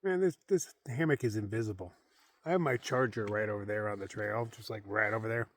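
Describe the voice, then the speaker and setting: A solo thru-hiker vlogs casually outdoors from his hammock camp, speaking a little fast in a lowish voice. His monologue rambles and pokes fun at himself, often trailing off into a mumble.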